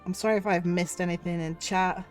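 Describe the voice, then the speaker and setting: A woman streamer with a cold, her voice husky, chatting effusively with viewers. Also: on the low side, fairly even intonation, a little fast, faint music behind. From United Kingdom. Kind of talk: casual livestream chat.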